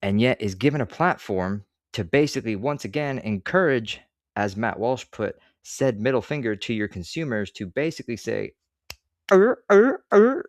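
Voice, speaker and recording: A man's voice: fairly low pitch, normal speed, dry recording, clean studio sound. A man ranting to camera as an online commentator, swearing freely and sarcastic, with rambling asides. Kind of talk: profane opinion rant to camera.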